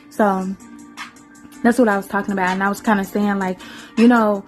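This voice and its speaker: A woman's voice: mid-range voice, fairly even intonation, normal speed, pauses often, soft background music. A woman vlogger giving an emotional, rambling spoken-word monologue, laughing often and repeating her phrases.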